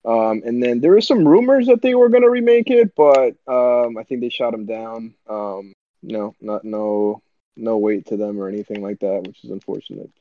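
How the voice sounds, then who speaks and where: A young man in casual chat, excitable, swearing and saying man a lot. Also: medium pitch, moderate pace, no room sound. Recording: slightly dull sound.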